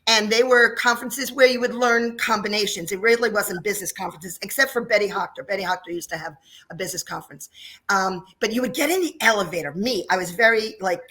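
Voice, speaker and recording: A woman's voice: medium pitch, fast talker, bright, forceful tone. A woman in her fifties from New Jersey, a dance studio owner chatting in an interview and telling stories with frequent laughs. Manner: chatty, laughs often, storytelling. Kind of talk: casual interview chat.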